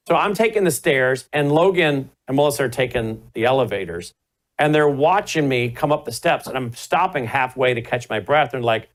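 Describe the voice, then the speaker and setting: A man hosting a talk show, chatting casually and telling rambling, self-deprecating stories. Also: mid-range voice. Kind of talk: casual chat.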